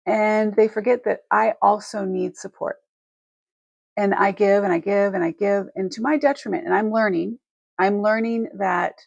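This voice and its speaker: A woman hosts a live stream, talking straight to her viewers in a heartfelt, rambling way full of restarts. She sounds emotional and close to tears. Her voice is gravelly and mid-pitched, and the sound is dry and close. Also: no room sound, dull audio. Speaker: host of a live jewelry selling stream.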